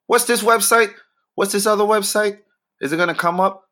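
A young man is hosting his own podcast and ranting in a comic, animated way. His voice is bright, and he swears freely while his pitch jumps suddenly. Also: moderate pace. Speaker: podcast host. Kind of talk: profane comedic rant.

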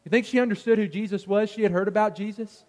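High-voiced preacher in an echoey hall. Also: male voice, fairly even intonation, quick pace, a little mellow. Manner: earnest, builds in pitch and force on key points. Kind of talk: sermon.

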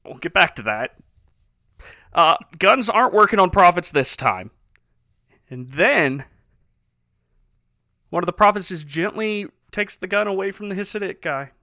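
A man's voice: sits high, animated, unhurried, pauses often, bright, forceful tone, dry recording, studio quality. A man casually recapping a bad movie with wry, laughing commentary as a podcast co-host.

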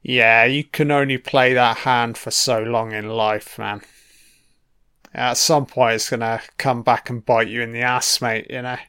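A man's voice: medium pitch, little pitch movement, measured pace, pushed and bright, clean tone, no echo, clean studio sound. Swearing man doing film commentary. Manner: swears freely, rambling asides, chuckles.

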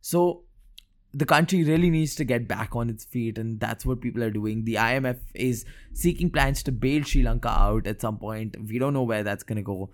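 A man's voice: mid-range voice, normal speed. Stammering young male podcast host. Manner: stammers and repeats words, laughs at himself. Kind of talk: casual solo podcast commentary.

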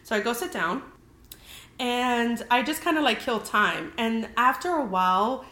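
A woman's voice: a little high, lively intonation, unhurried, bright, forceful tone. A young woman casually telling a story as a podcast host, chatty and full of "like", swearing freely. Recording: roomy echoey room.

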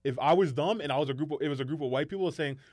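A man's voice: a little high, racing, a little mellow, dry recording. A man co-hosting a podcast in casual chat, speaking in a laid-back, loose way with restarts and "like". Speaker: podcast co-host.

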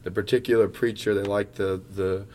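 A fairly low-pitched man speaks in a steady, brisk, slightly mellow voice. He's a pastor in casual conversation, talking earnestly and stumbling over repeated words as he thinks aloud.

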